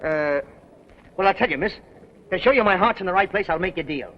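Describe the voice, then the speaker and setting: An actor playing a brash, fast-talking used car dealer in a 1930s comedy film. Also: male voice, high-pitched, lively intonation. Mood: brisk. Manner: brash salesman patter. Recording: dull 1930s film soundtrack, faint hiss.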